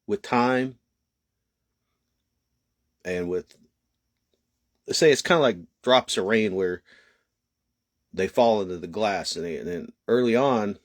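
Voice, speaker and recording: Low-voiced man giving an emotional testimony. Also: dry recording, clean studio sound. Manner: halting, many restarts and pauses. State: emotional, holding back tears. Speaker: testimony speaker. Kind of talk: personal testimony.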